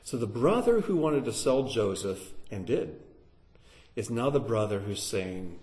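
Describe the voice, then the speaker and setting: A man teaching through a Bible passage in an animated, dramatic sermon style, sometimes acting out the characters. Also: lowish voice, unhurried. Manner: animated, dramatic, acts out voices.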